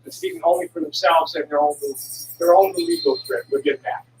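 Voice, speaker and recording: Speaking fast in a deep voice, a traveling herbal medicine seller in her sixties rambles and digresses, restarting often and dropping the odd blunt curse. Music plays in the background, and the echoey room is miked from a distance with faint ambience.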